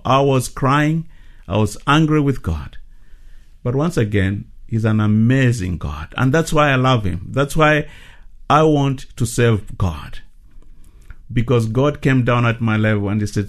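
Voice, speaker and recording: A middle-aged man from South Africa, a ministry leader giving earnest, measured testimony in a radio interview. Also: mid-range voice.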